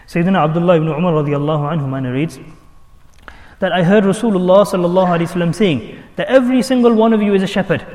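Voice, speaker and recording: A man preaching a sermon to a congregation, animated and full of rhetorical questions. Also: on the high side, long reverb tail. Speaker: imam.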